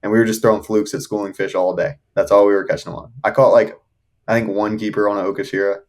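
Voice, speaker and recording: A young man with a lowish voice tells his fishing stories as a podcast guest. He talks casually and excitedly and laughs through his stories. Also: quick pace. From Shenandoah Valley, Virginia. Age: young adult. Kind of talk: casual storytelling.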